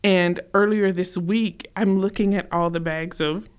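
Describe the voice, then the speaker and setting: A woman's voice: lowish voice, steady tone, a little slow, clean tone. A woman who owns a bakery, telling stories as a guest in a casual chat, laughing often. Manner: chatty storyteller, laughs often. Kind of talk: casual conversation.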